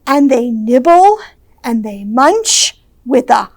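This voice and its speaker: A woman children's librarian reading a picture book aloud at storytime, expressive and drawn out, with hushed shushes. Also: on the high side, slow pace, no room sound. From Ohio, US.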